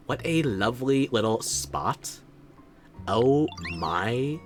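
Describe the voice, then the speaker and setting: A man doing a sugary female fairy Pokemon in a forced valley girl voice, drawn out and gushing. The lilt rises and falls freely, all sweetness and welcome from a video game creature. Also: mid-range voice.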